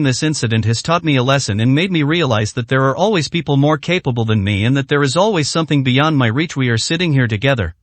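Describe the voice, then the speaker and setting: A man reading a story aloud in a steady, even scripted narration. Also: a little high, no room sound.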